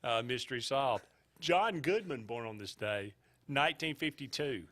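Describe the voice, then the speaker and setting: Male radio host, relaxed and halting delivery. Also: medium pitch. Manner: hesitant, many filler uhs. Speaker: sports talk radio host. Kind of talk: casual radio chat.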